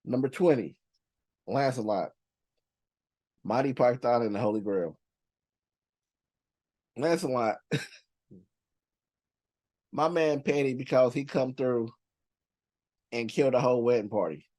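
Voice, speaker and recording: A man's voice: mid-range voice, unhurried, pauses often, darkish tone. A man hosting a movie reaction channel, counting down characters in casual, profane slang and laughing often.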